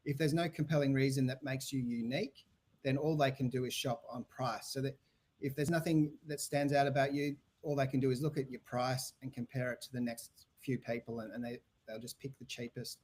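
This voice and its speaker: Here a guest who runs a website business, an Australian man, fields podcast questions on websites and sales. He speaks a little fast in a mid-range, steady, darkish voice, rambling along with lots of restarts and filler words.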